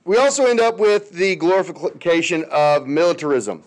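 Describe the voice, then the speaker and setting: A man's voice: high-pitched, animated, normal speed. A male history teacher giving a casual, chatty lecture with jokey, sarcastic asides.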